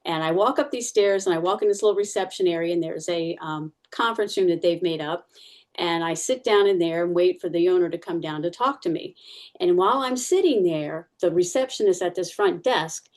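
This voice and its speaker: A woman's voice: on the low side, a little fast, darkish tone. A woman giving a personal testimony in church, telling her story casually, with many fillers and restarts.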